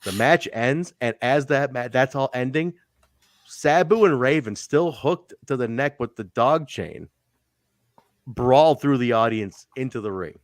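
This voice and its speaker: A man co-hosting a casual podcast chat, animated, swearing and laughing often. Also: medium pitch, a little slow, no echo, clean studio sound. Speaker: podcast co-host. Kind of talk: casual chat reviewing wrestling.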